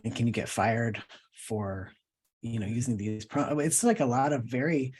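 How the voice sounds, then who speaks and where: A man speaking as an interview guest in a casual conversation, thoughtful and pausing to search for words. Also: medium pitch, a little mellow, slightly rough. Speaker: guest, professor and cartoonist.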